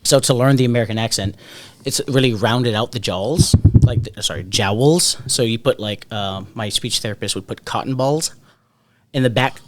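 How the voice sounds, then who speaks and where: A young man in the middle of his own pitch range, co-hosting a casual podcast. He jokes, swears freely and mocks himself while chatting with his co-host. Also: a little fast, slight background noise. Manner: joking, profane and self-mocking. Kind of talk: casual chat.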